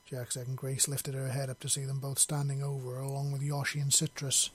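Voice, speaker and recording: A man narrating a story in a steady, plain reading voice. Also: medium pitch, fairly quick, breathy edge, no echo.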